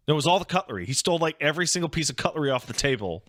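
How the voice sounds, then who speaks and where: A man hosting a casual reaction show, swearing freely, laughing loudly and rambling in asides. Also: a little high, lively intonation, racing, hardly any pauses, no echo, clean studio sound. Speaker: host reacting to videos.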